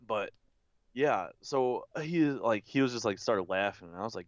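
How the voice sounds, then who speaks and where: A man's voice: fairly low pitch, lively intonation, moderate pace, no echo, muffled recording. A young man telling a long rambling story in casual chat, swearing freely and saying "like" over and over. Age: young adult. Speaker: podcast co-host.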